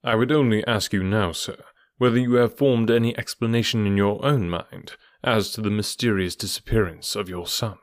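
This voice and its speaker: A man voicing a shrewd, cool middle-aged detective who speaks in a bland, measured way. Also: fairly low pitch, no echo, clean studio sound, close to an everyday voice. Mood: blandly probing.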